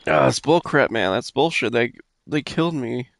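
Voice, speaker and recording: A man playing a video game and commenting, swearing at enemies, talking to his chat and bursting into loud shouts. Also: medium pitch, creaky, no echo, clean studio sound. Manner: profane, trash-talks enemies, addresses chat. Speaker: gamer commenting on his own play. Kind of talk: let's-play commentary.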